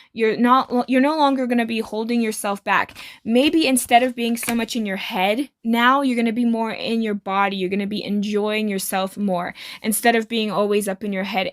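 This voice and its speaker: A woman's voice: on the high side, no echo, studio quality. A woman giving a tarot reading to her viewers, reassuring and rambling, with many fillers. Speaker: tarot reader.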